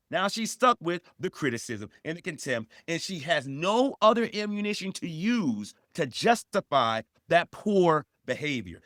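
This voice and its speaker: A man's voice: fairly high pitch, a bit bright, dry recording, studio quality. A man co-hosting a podcast, giving emphatic, repetitive advice that rises sharply when he stresses a point. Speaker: podcast co-host.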